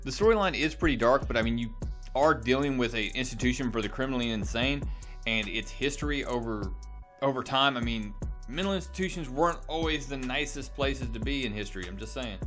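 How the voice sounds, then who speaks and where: A man's voice: medium pitch, brisk, fairly bright tone, soft background music. A man casually reviewing a comic preview in a chatty, self-deprecating way.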